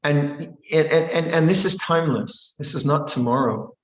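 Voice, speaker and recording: An older man, a Buddhist monk, giving a calm dharma talk and answering a question, often repeating and restarting his phrases. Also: on the high side, normal speed. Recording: roomy echo.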